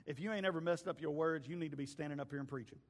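A man, a pastor giving a folksy, storytelling sermon that swings between loud calls and hushed asides. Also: fairly high pitch. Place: church sanctuary. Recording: long hall reverb.

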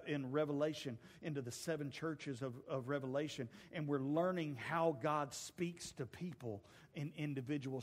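A man preaches from the pulpit, slipping into voices and loud outbursts as he tells a story. His voice sits a little high for a man, and it rings through a large church with a long reverb trailing every line. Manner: storytelling preacher acting out voices, shouting at peaks. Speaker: pastor. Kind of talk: sermon. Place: church sanctuary.

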